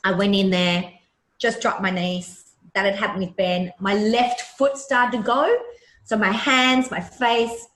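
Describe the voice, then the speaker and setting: A woman's voice: medium pitch, steady tone, unhurried, a bit bright. A woman in her forties, a hypnotherapist guest, telling a personal story in a blunt, emotional way and swearing freely. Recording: roomy echo.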